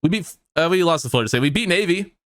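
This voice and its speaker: A man commenting on his own football video game dynasty, excitable and swearing often as his mood swings between hype and outrage. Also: on the high side, fast, dry recording, clean studio sound. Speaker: gaming YouTuber. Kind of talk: let's play commentary.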